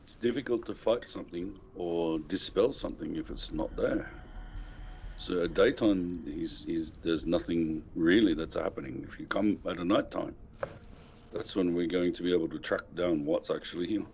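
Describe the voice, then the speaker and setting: Very deep-voiced man at a game table. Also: normal speed, darkish tone, highs cut off, slight background noise. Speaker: player.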